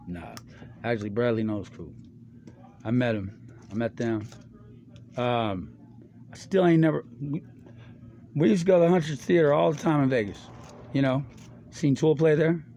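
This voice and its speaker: A man's voice: medium pitch, a little mellow, slight background noise. A middle-aged man in a loose, rambling monologue. He talks in a slangy, profane way, drifting from one topic to the next. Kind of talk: rambling stream-of-consciousness monologue.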